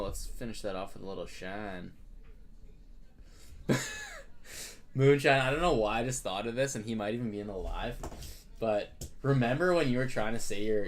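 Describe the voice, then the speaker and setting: A young Canadian man hosting a live card break stream, chatting casually and greeting viewers by name. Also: mid-range voice.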